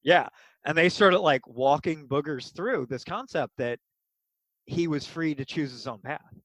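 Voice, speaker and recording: Enthusiastic game master, mid pitch, dry close mic, chatty. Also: unhurried, dry recording, low-quality recording. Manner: animated, enthusiastic, many fillers. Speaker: game master for kids' games. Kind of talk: casual interview storytelling.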